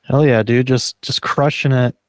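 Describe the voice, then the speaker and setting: A man's voice: medium pitch, fairly even intonation, normal speed, dry recording. A man hosting a podcast, laid-back and joining in on the jokes. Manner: laid-back, joins in on the bits. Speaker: podcast host. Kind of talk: casual podcast chat.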